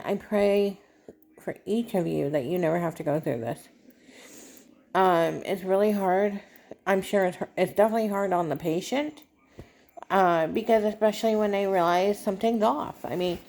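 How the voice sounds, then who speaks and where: A woman talking to her viewers in a personal vlog, halting and emotional, holding back tears. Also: medium pitch, creaky, mellow. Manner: halting, emotional, trying not to cry. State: tearful. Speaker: vlogger.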